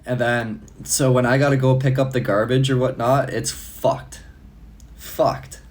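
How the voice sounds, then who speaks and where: A man's voice: mid-range voice, steady tone, fairly quick. A young man chatting casually on a live stream, loose and profane, laughing often. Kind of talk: casual live-stream chat answering comments.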